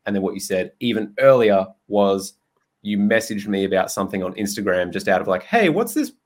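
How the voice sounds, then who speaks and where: A man's voice: deep voice, steady tone, fairly quick, a little mellow. A young man hosting a podcast in a casual, jokey way, swearing freely and laughing often. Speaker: podcast host and nutrition coach. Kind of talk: casual chat.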